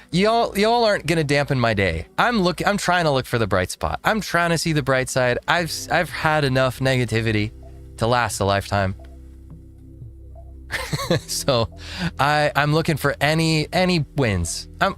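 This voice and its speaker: A man's voice: a little high, sing-song, moderate pace, a bit bright, faint music behind. A man hosting a casual live-stream, reacting to a video with rambling talk and frequent laughs. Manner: rambling, laughs often, restarts.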